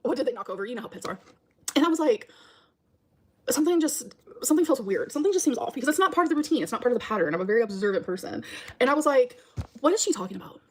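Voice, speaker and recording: A woman tells a rambling story to camera, packed with fillers and quoted back-and-forth. She talks fast in a slightly high voice, casual and conversational throughout. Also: sing-song, husky. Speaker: vlogger telling a story.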